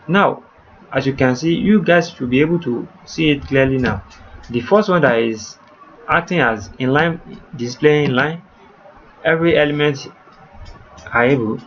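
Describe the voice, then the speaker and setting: Male coding tutor, patient and repetitive, mid-pitched voice, slightly muffled lo-fi recording with faint background noise. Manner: repetitive step-by-step explaining, addresses viewers as you guys.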